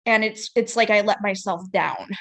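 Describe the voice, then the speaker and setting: A woman's voice: mid-range voice, normal speed. A woman in a support group on a video call, asking a personal question while searching for her words. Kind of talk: casual group discussion.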